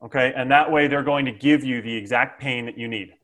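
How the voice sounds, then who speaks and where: A man giving a lively, jokey sales training talk, often checking in with "okay?". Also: medium pitch, a little fast.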